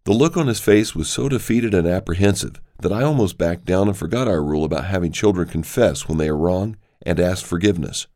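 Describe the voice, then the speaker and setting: Deep male voice, measured and earnest, reading a daily devotional story. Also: a little mellow. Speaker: devotional reader.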